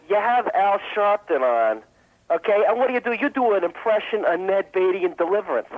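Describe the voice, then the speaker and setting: A man on a call-in show, ranting with sarcastic scorn over a tinny phone line. His voice sits fairly high and moves around a lot in pitch. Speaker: caller. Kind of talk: call-in radio rant.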